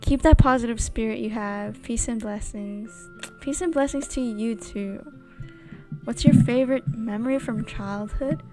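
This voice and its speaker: Woman, casual stream chat, giggly, slightly high voice, faint background music. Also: measured pace. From United States. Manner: giggly, chatty, reads chat questions aloud. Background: quiet background game music.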